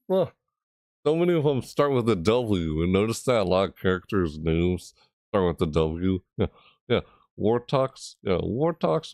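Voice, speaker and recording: A man's voice: low-pitched, a little mellow, no room sound, clean studio sound. A man giving casual, rambling game commentary, thinking aloud and hesitating often. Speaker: gaming video creator.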